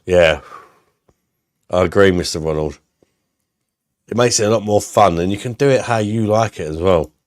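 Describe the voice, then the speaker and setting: A man's voice: deep voice, moderate pace, long pauses, no room sound, clean studio sound. A man, chatting casually on a live stream, blunt and sweary, laughing often and reading out chat messages. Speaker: beer reviewer hosting a live stream.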